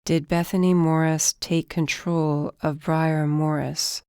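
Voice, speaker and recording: Narrator doing a monotone male interrogator. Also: mid-range voice, measured pace, smooth, dry recording, clean studio sound, lightly acted. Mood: cold. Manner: flat monotone. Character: cold male mind-reader interrogating prisoners.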